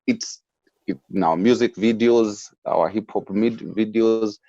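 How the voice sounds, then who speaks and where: A man from Kenya talking in a casual chat, soft-spoken and a little hesitant. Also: on the low side, takes it slowly, vocal fry, no room sound, dull audio.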